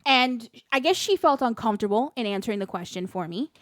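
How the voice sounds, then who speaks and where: A woman's voice: on the high side, animated, fairly quick, no echo, studio quality. A woman co-hosting a podcast, chatting casually, telling stories and laughing often. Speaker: podcast co-host. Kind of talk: casual chat.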